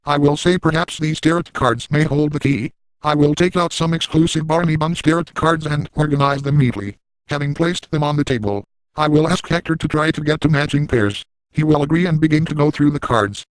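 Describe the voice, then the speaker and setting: A man's voice: fairly high pitch, a little fast, clear, resonant tone, no room sound, lightly acted, low-quality recording. A man voicing a sleazy, boastful middle-aged cartoon dad, narrating a crude story in the first person. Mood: smug.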